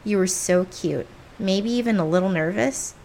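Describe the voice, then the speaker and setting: A woman's voice: medium pitch, moderate pace, creaky, dark tone, lightly acted. A woman playing a taunting ghostly ex-lover. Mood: sing-songy. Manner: sing-song, teasing turning cold and menacing.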